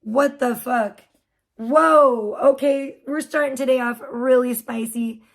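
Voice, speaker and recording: Young woman streamer, high voice, sore throat, gets hyped and cusses a lot. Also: slow pace. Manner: excitable, swears a lot. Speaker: livestream host. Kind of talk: casual livestream chat.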